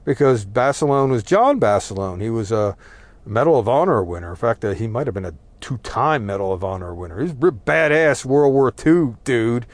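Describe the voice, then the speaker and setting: A man's voice: medium pitch, lively intonation, normal speed, dry recording. A middle-aged man from New Jersey telling a long, casual, rambling story, swearing freely and checking in with "right?" as he goes. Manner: rambling, profane, with frequent "right?" and "uh". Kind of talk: casual spoken monologue.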